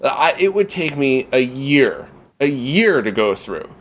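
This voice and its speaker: A man of mid pitch telling a story as an interview guest in casual conversation. He swears freely and rambles, circling back with lots of fillers and restarts. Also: sing-song, takes it slowly. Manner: profane, rambling, full of fillers.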